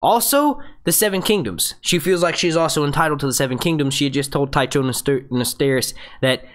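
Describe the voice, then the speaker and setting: Slightly high and a bit fast, this man's voice barely pauses. Hosting a fan review show at home with his phone close by, he rambles through a live question-and-answer session, reads out viewer questions, and keeps starting his sentences over.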